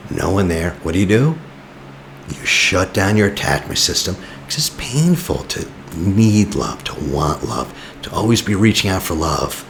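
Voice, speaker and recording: A man's voice: sits low, vocal fry, fairly bright tone, slight background noise. A man talking as a relationship coach in casual, blunt advice, often tossing in "you know". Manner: blunt and teasing. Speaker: attachment coach.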